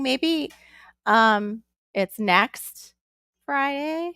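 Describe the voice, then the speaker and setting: A woman's voice: sits high, slow, fairly bright tone, clean tone, no room sound, studio quality. A woman hosting a casual live stream from home, chatting in a rambling way and greeting viewers by name. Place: at home with her young son nearby.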